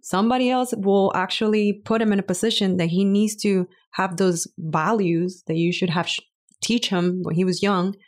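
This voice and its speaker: A mother in her thirties co-hosts a casual faith and parenting podcast, telling stories from home. Her mid-range voice holds a steady tone at a moderate pace.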